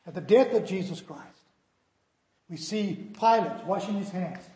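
A male pastor delivers a sermon in a high, ringing voice. He swings between forceful emphasis and hushed, dramatic drops. The sound carries a long, roomy echo from the hall. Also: expressive, unhurried. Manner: preaching with rising emphasis and quiet dramatic drops. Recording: echoey hall.

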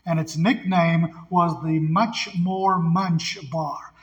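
High-voiced pastor preaching. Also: male voice, fairly even intonation, takes it slowly, highs cut off. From South Africa. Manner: call-and-response, emphatic, laughs easily. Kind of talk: sermon. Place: church sanctuary. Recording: long church hall reverb.

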